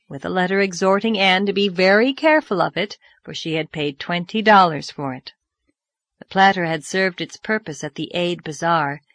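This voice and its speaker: A woman's voice: fairly low pitch, no echo. Woman narrating a classic novel. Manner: measured, expressive storytelling. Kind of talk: audiobook narration.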